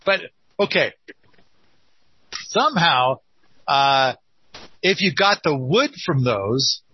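Husky, playful male host. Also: mid-range voice, big pitch swings, slow, dry recording, dull audio. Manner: playful, teasing. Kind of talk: casual call-in chat.

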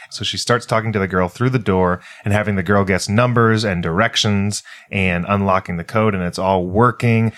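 A man chatting on a casual podcast panel and retelling a story. He speaks in a lowish voice with a wry, dry edge. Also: a bit bright.

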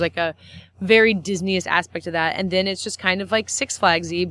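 A woman's voice: on the low side, fairly bright tone, slight background noise. A young woman from the American South, co-hosting a podcast in a chatty, rambling way full of "like" and "um". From Southern United States. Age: young adult. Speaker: podcast co-host. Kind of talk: casual chat and interviewing.

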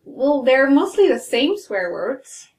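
A woman's voice: sits high, sing-song, takes it slowly, darkish tone. A German woman with a German accent giving brief, matter-of-fact replies in a casual chat.

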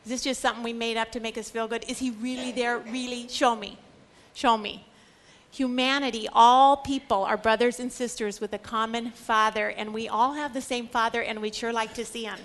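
A woman giving a Catholic teaching lecture to a group, animated and fond of repeating phrases for emphasis. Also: on the high side, brisk, hardly any pauses.

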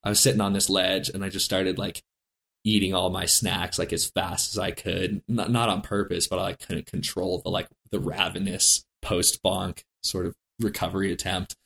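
A man's voice: deep voice, level tone, normal speed, vocal fry, fairly bright tone, slightly rough. A man, a guest on an interview show, telling a story in a casual, rambling way and laughing often. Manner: rambling, laughing, acts out quoted lines.

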